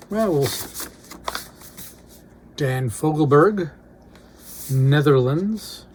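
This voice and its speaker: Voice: medium pitch, lively intonation, a little slow, slight background noise. A record collector casually talking through an unboxing, reading out record titles with brief remarks on each.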